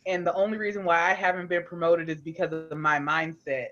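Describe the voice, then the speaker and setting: A woman's voice: fairly low pitch, level tone, a little fast, few pauses, a bit bright, a little hiss or hum. A woman co-hosting a podcast, telling a heated story in emphatic casual chat. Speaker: podcast co-host. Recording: dull lo-fi sound.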